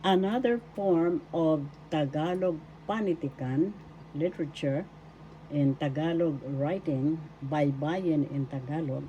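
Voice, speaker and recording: A woman's voice: deep voice, measured pace, dark tone, a little hiss or hum, low-quality recording. A woman teaching a language lesson, breaking words into syllables and repeating them. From Philippines. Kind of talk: slow classroom lesson.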